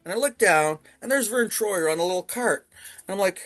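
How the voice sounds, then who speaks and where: A man from Ontario, Canada, a guest telling a story casually over a video call, animated and laughing often. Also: sits high, brisk, no echo, clean studio sound, soft background music.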